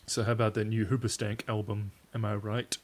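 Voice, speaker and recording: A man's voice: on the low side, little pitch movement, fairly quick. A man co-hosting a podcast in casual chat, joking and teasing his partner. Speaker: podcast co-host.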